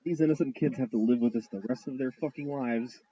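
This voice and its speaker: Husky blunt man, lo-fi podcast sound. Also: medium pitch, brisk, dark tone. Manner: blunt, swears freely, laughs along. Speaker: podcast co-host. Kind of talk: casual profane chat. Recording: dull lo-fi audio.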